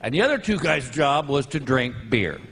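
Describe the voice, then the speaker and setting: A middle-aged man performing stand-up comedy on stage, telling a story and acting out characters with shouted, high yelps. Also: lively intonation, moderate pace. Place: comedy stage before a live audience. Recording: live show with crowd laughter and noise.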